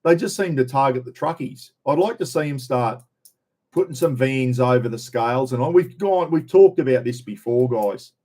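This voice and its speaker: This livestream host is a middle-aged Queenslander whose mid-range voice sounds mellow and moves at a moderate pace. Responding to viewer comments, he rambles along in a relaxed, jokey, blokey manner.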